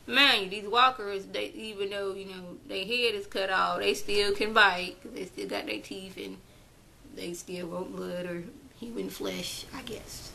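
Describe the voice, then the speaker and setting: Gravelly, bright-voiced woman recapping casually. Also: mid-range voice, unhurried, a little hiss or hum, low-quality recording. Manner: chatty and animated, briefly acting out characters' lines in her own voice. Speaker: vlogger recapping a TV episode.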